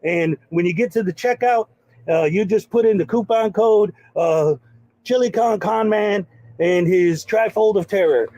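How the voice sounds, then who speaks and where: A man's voice: measured pace, a little mellow, no room sound. A man playing a sleazy, boastful con man. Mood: smarmy pitch. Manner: sleazy sales pitch, blustering threats. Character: boastful scammy male con man hawking junk. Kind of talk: comedic parody skit.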